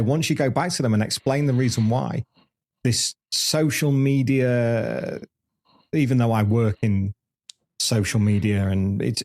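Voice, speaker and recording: A warm, lowish-voiced man in his fifties hosts a podcast, and in this candid interview he rambles through anecdotes, often stopping to restart his stories.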